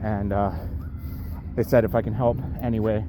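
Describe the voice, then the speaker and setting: A man's voice: fairly low pitch, fairly even intonation, fairly quick, a little mellow, a little hiss or hum. A man talking casually into his camera while walking his dog outdoors, a bit out of breath from the uphill walk and rambling with lots of fillers. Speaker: powerlifter vlogging his day.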